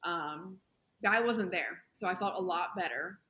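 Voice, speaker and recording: A woman with a Southern American accent, co-hosting a travel podcast and telling a story in a casual, animated way, acting out the voices of the people in it. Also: fairly low pitch, unhurried. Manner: animated, acts out quoted dialogue. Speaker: podcast co-host.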